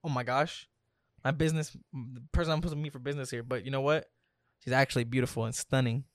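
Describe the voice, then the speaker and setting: A young man rattles off an imagined road-trip story at a fast clip, jumping into the voices of everyone in it. His mid-range voice sounds close and dry, with no room around it. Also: mid-range voice, no echo. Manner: animated storyteller, acts out quotes with slang. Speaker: storyteller in a hypothetical scenario game. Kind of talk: casual banter between friends.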